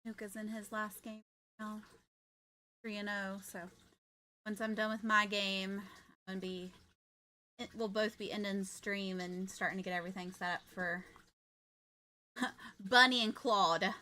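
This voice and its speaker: A woman's voice: mid-range voice, flat delivery, moderate pace, pauses often, sharp tone. A woman chatting casually and rambling on a gaming livestream. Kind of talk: casual gaming stream chat.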